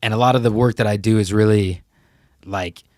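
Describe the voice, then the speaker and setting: Man, 30s, low voice, dry close sound, relaxed slangy co-host who works as a tarot reader. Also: a little fast, no echo. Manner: laid-back, slangy, heartfelt, lots of "like" and "bro". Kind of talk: casual podcast chat.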